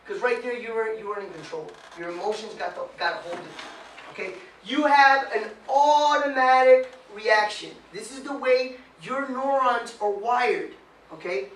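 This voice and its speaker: Male motivational speaker with a high voice, addressing a live group and quizzing them, recorded far off in an echoey room. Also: normal speed. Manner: animated, quizzes the audience, mimics whiny voices. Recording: roomy sound from far off with faint noise.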